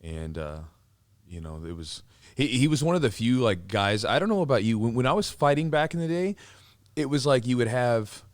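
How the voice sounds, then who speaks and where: Podcast host, male, former fighter, lively anecdote-teller, medium pitch. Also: normal speed. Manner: animated, laughing, many fillers and restarts. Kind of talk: casual storytelling chat.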